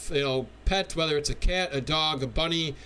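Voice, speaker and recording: A man's voice: on the high side, fairly quick, bright, forceful tone, slight background noise. A man co-hosting a podcast, chatting about comics in a friendly, loose way, sprinkled with "you know" and "uh". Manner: chatty and upbeat, laughing, hedging with "you know". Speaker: podcast co-host. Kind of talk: casual comic review chat.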